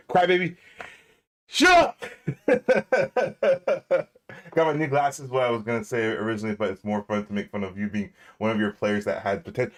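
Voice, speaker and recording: A man in his thirties chatting casually on a live stream, excitable and laughing, rambling with many restarts. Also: fairly high pitch.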